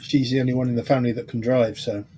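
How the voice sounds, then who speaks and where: A man co-hosting a model-building stream, telling stories in a relaxed way and reading viewer comments. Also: mid-range voice, very fast. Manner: relaxed storyteller, laughs along.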